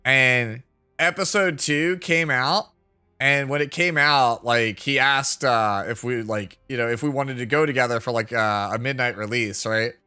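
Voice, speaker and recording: A man's voice: mid-range voice, measured pace, sharp tone, clear, resonant tone. A man in his thirties, a streamer, telling a rambling story to his chat with lots of filler words and frequent laughter. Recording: faint music behind.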